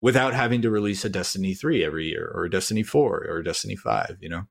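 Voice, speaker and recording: Fast-talking low-voiced man. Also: gravelly, slightly rough. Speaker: podcast co-host. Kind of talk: casual gaming podcast chat.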